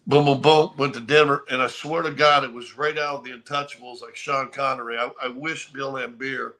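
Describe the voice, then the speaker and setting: An older man co-hosting a casual sports talk show, telling stories in an animated way and often repeating his words as he starts a sentence. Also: medium pitch, fairly quick. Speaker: co-host.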